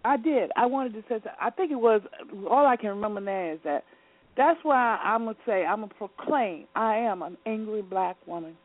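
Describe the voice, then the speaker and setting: A woman's voice: medium pitch, animated, moderate pace, no echo. A woman in a casual discussion, forthright and affirming. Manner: forthright, frequent affirming murmurs. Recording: phone-like lo-fi audio.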